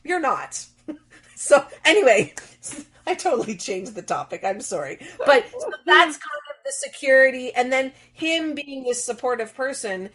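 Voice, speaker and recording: A middle-aged woman, a guest on an interview, who tells lively stories and acts out the dialogue she quotes. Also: sits high, moderate pace, slightly rough. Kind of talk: conversational interview.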